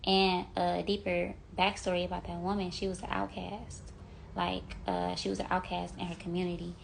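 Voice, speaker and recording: This vlogger, a young woman, gives a sincere, wandering devotional talk on her phone, constantly saying "like" and "you know." Her voice sits on the low side, creaky, with little pitch movement and a moderate pace; slight background noise is audible.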